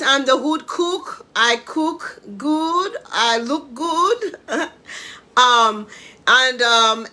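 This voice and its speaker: Woman, cooking-show host, casual live-stream chat, high voice, bright tone, tags lines with "okay?".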